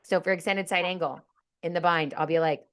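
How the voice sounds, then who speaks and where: A woman who teaches yoga, co-hosting a podcast in relaxed, conversational chat. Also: fairly low pitch, fairly quick, clean tone. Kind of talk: casual chat.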